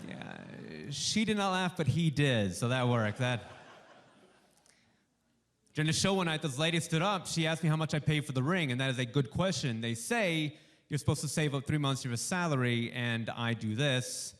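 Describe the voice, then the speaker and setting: A male stand-up comedian doing a warm-up set for a studio audience, delivering punchy jokes and acting out bits of dialogue. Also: on the high side, normal speed. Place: live comedy show before a studio audience.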